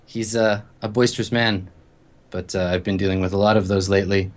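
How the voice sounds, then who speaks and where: A man voicing a poised, polite woman racing celebrity who speaks in a composed, courteous, measured way. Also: sits low, steady tone, pitched below the performer's own voice, natural voice.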